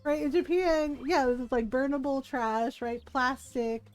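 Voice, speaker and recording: A woman plays a video game on stream, chatting in a high, unhurried voice over soft background music. Her talk wanders casually, and she giggles frequently.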